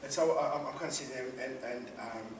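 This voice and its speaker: A man's voice: medium pitch, fast. A man, giving a live inspirational talk with humorous, self-deprecating stories. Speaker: motivational speaker. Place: event room with live audience. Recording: echoey room, distant mic, noisy.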